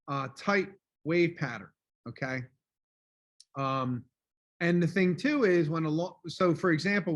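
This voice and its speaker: A male teacher giving a casual online class review, loud and full of fillers like "um" and "okay?", speaking over a video call. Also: medium pitch.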